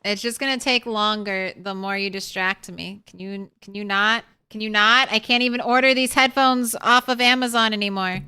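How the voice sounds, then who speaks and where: A woman's voice: medium pitch, steady tone, moderate pace, hardly any pauses, pushed and bright, smooth. A young woman streaming a video game, chatting casually with viewers and talking sweetly to her cat. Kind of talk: casual live-stream chat.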